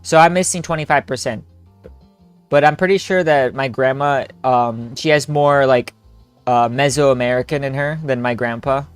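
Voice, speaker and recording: A man's voice: medium pitch, moderate pace, clear, resonant tone, no room sound. Young guy chatting while he plays, dry close mic, faint game music behind, laughs a lot. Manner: rambling, joking, laughs often, swears casually. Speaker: streamer playing a story game with friends. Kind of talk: casual gaming chat.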